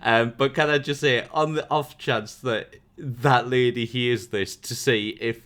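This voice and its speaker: A man's voice: medium pitch, fairly even intonation, unhurried, fairly bright tone. A man, a podcast co-host and comedian, telling an anecdote with lots of laughter in casual chat.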